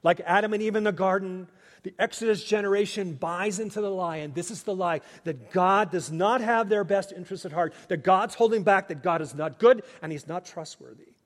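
A pastor, a man, preaches a sermon in earnest, dropping to near-hushed tones and then rising to emphatic points. His voice sits a bit high for a man. A long reverb trails his words, as in a large sanctuary. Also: a little fast.

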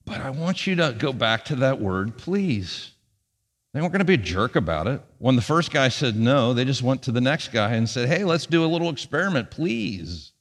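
A pastor delivers his sermon with lively, punchy emphasis, then drops into quiet asides. He has a middle-pitched man's voice. The sound rings with the long reverb of a church sanctuary. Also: fast, few pauses.

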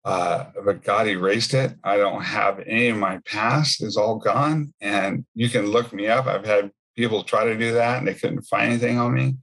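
A man's voice: lowish voice, steady tone, normal speed, creaky, hardly any pauses, a bit bright. A man giving a personal faith testimony in a conversational storytelling way, full of asides. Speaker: speaker sharing his testimony.

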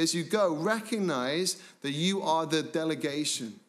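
Emphatic male pastor preaching. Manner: emphatic preaching, drops low and quiet on key words; slows down to stress phrases. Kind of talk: sermon.

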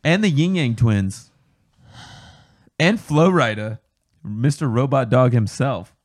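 A young man co-hosting a casual podcast chat, joking and swearing, getting excitable. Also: medium pitch, slow pace. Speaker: podcast co-host.

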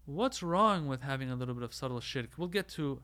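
A man giving a religious lecture, explaining step by step, asking questions and answering them himself, and reciting Arabic quotations quickly. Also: mid-range voice, animated, pushed and bright, clean tone. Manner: explanatory, asks and answers his own questions.

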